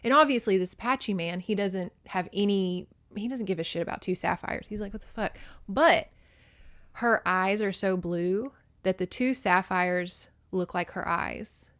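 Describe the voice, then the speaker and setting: A woman's voice: medium pitch, a little slow, fairly bright tone. Profane woman podcaster recapping a book. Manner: profane, emotionally invested storytelling. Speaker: podcast host.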